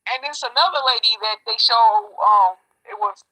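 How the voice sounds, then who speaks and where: A woman's voice: on the high side, moderate pace, bright, forceful tone, poor audio. A woman chatting casually, telling long rambling stories full of fillers and restarts. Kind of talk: casual chat.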